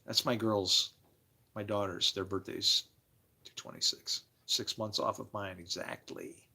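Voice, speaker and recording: A man livestreaming, telling rambling personal stories in a loose, animated way, laughing and swearing freely as he jumps between tangents. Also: on the low side, measured pace, vocal fry, slightly rough. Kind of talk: casual rambling storytelling.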